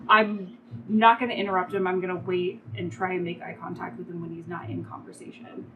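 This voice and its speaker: A woman's voice: lowish voice, level tone, a little fast, narrow, tinny audio. A woman playing a tabletop game, hesitant and polite. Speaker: player. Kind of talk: tabletop game play, casual.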